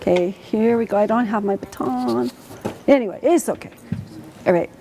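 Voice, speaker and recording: A woman coaching a student orchestra in a school auditorium, lively and encouraging, asking the players lots of questions. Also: fairly high pitch, moderate pace, vocal fry, slight background noise. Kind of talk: rehearsal coaching.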